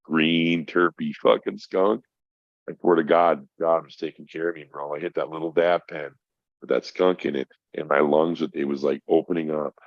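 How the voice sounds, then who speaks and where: A middle-aged man with an extremely low voice tells a long personal story in a casual podcast chat. He swears freely and keeps calling the host bro. The sound is dry and a little dull, like a lo-fi recording. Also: no echo. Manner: profane, emphatic, addresses host as bro. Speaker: podcast guest.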